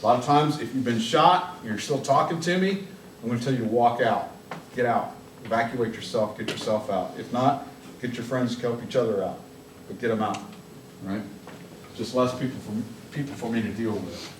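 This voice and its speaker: Blunt police trainer in an echoey room. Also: male voice, medium pitch, normal speed, noisy background. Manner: blunt, joking, shouts commands when demonstrating. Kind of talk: live training presentation. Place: office meeting room with audience. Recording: echoey room, mic from a distance.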